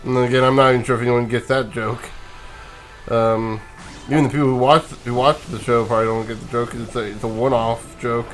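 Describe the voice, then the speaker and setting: A man's voice: medium pitch, fairly even intonation, brisk, a bit bright. Sleepy guy rambling over a game, yawning, chuckles a lot, faint game music behind. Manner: rambling, chuckling, restarts mid-sentence. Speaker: let's play gamer. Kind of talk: casual gameplay commentary.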